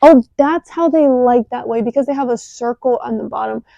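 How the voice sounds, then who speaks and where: A young woman chatting casually while crafting, talking excitably with lots of filler words into a phone camera at home. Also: on the high side, fairly quick, gravelly, no room sound, muffled recording. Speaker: craft vlogger.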